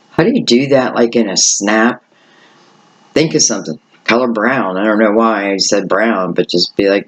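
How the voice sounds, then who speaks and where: Low-voiced man rambling through a tarot reading. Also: fairly even intonation, unhurried, muffled recording, slight background noise. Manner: rambling, gentle, repeats "you know" and "right". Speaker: tarot reader. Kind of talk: casual spoken tarot reading.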